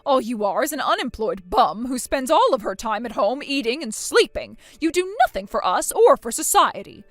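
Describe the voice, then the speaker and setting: A woman plays a stern mother who lays down the law in a text-message drama, cold and commanding. The voice sits high and swings widely in pitch. It is recorded dry and close, with faint music underneath. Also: sing-song, moderate pace, no room sound. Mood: scornful. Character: stern, scolding middle-aged mother. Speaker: voice actor.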